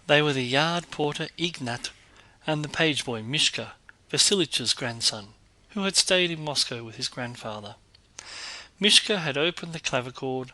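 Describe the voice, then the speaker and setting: A man reading a classic novel aloud as audiobook narrator, in even, measured storytelling. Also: medium pitch, dry recording, low-quality recording.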